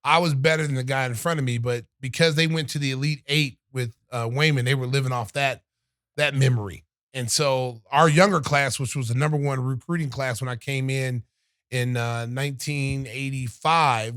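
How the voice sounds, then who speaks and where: Animated storytelling man, dry close sound. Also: medium pitch, moderate pace, no room sound. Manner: animated storyteller, acts out quotes of others. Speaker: podcast host. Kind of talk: casual storytelling chat.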